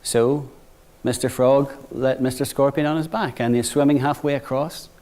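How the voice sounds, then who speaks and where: A middle-aged man giving a business talk to new graduates, conversational, often checking in with "right?" and dropping quiet for anecdotes. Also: mid-range voice, fairly even intonation, normal speed. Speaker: bank executive speaking to graduates.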